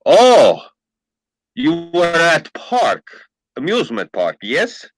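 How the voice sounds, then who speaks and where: A man playing a huge mob guard who speaks broken English in a low, hushed voice. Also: wildly swooping pitch, slow pace, full character voice. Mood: hushed, menacing. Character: huge menacing-friendly male Russian mob guard.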